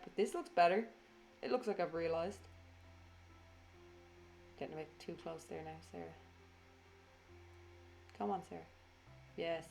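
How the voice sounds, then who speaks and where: A tired woman rambles through a casual voiceover for her craft video. Her voice sits a little low. She swears freely and pokes fun at herself as she goes. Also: vocal fry, a little mellow.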